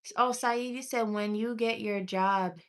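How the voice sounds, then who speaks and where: On a livestream, a woman with a high-leaning voice and fairly even intonation gives one-card tarot readings. Chatty and affectionate, she calls viewers honey and sweetie and reads their names and questions aloud while scrolling, pausing and restarting loosely as she goes.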